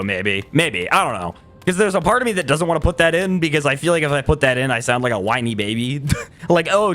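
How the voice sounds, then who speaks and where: A man's voice: mid-range voice, fairly bright tone. A man chatting casually on a gaming livestream, rambling, correcting himself mid-sentence and laughing between thoughts. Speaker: streamer.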